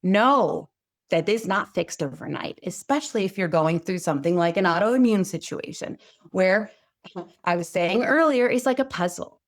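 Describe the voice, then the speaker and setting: Expressive woman co-hosting a talk show. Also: normal speed. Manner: expressive, acts out quotes with big pitch jumps. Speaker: podcast co-host. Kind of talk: casual chat.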